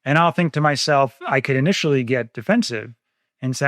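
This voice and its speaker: A man's voice: medium pitch, fast talker, no room sound. A man co-hosting a parenting podcast, talking in a reflective, casual way and explaining ideas through everyday examples.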